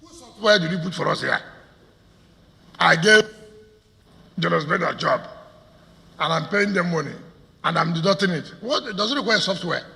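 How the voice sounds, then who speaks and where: Man, Nigerian accent, governor's speech, combative, rhetorical questions, very bright gravelly voice. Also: fairly high pitch, lively intonation, moderate pace, pauses often. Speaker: state governor addressing business stakeholders. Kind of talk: public address at a meeting. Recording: reverberant hall.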